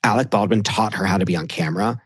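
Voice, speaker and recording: A man, a television producer, chatting as a podcast guest in a quick, swearing, lively way with lots of quoted asides. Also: fairly low pitch, husky, no echo, clean studio sound. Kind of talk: casual chat.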